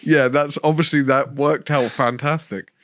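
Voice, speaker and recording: A man's voice: a little high, fairly even intonation, moderate pace, a bit bright, no room sound. Dry-voiced man, teasing asides. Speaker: podcast co-host. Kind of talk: casual chat.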